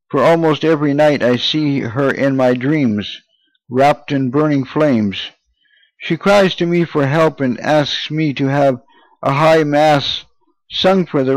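A man's voice: a little high, a little slow, no room sound, lightly acted. A man reading as a trembling, pleading poor man. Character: poor grieving old man in rags.

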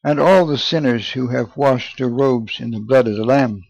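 A man giving an earnest, measured, solemn reading of a first-person memoir. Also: mid-range voice, gravelly, a little mellow, dry recording. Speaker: narrator. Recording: dull lo-fi, dry.

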